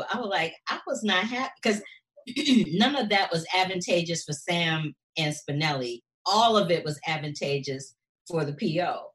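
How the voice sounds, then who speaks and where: A woman co-hosting a casual recap chat, talking in an animated way and acting out characters' lines. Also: on the low side, normal speed. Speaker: show co-host.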